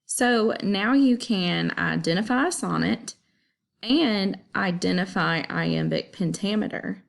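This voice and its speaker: A woman teaching a lesson, explaining step by step and counting out syllables deliberately. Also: mid-range voice, creaky. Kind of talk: classroom explanation.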